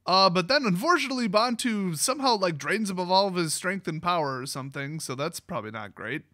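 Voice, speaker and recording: A man's voice: high-pitched, lively intonation, quick pace, bright, forceful tone, no echo, studio quality. A man hosting a card game channel, giving a sarcastic, mocking recap of a fantasy storyline and laughing often.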